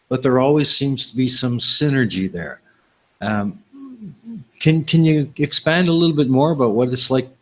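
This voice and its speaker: A man joining a live stream over a video call as a guest, friendly and asking the host a question. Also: mid-range voice. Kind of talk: casual chat on a video call.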